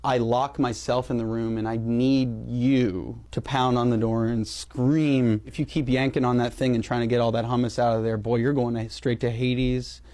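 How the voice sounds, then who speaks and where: A guest comedian playing a sketch completely straight-faced, deliberate and absurd. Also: male voice, medium pitch, little pitch movement, warm tone.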